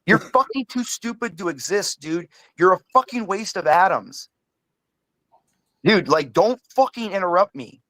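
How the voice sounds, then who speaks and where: A man's voice: high voice, animated, measured pace, fairly bright tone, poor audio. A man on an online panel call, ranting angrily with heavy profanity and stammered restarts. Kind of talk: heated livestream panel argument.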